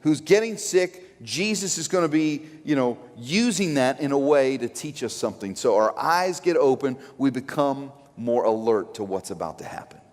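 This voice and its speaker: A man preaching a sermon as pastor, an animated, joking storyteller who acts out quotes. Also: mid-range voice, moderate pace, few pauses. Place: church sanctuary. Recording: long church hall reverb.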